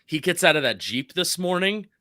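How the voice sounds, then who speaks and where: A man rambles casually about football, often restarting his sentences. His voice is bright and a bit high, and the sound is dry. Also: very animated, normal speed, no room sound. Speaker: sports content creator. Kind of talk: casual sports chat.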